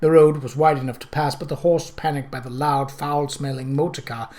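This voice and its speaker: Guy reading a mystery novel out loud, steady storyteller, slightly high voice. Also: brisk. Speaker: audiobook reader. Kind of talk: audiobook narration.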